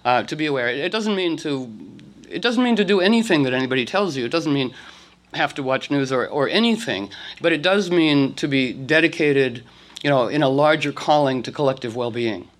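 A man's voice: fairly high pitch, lively intonation, a little fast. A man giving a spiritual talk to an audience, rambling, with frequent fillers and restarts.

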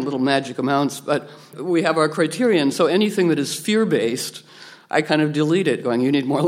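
A man giving a rambling spiritual talk, animated, acting out quotes from others with playful voices and frequent restarts. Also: a little high.

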